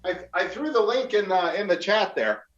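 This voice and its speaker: An eager, talkative man hosting a podcast, his voice pitched slightly high for a man. The audio is dull and lo-fi, with the top end rolled off. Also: animated, moderate pace, fairly bright tone. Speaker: podcast host. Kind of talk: casual chat.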